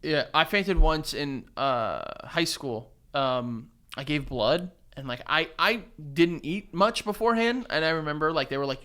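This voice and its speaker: A man's voice: a little high, animated, bright, forceful tone, clear, resonant tone. A man co-hosting a podcast, joking around in casual, profane banter. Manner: joking, profane, quick to laugh. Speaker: podcast co-host.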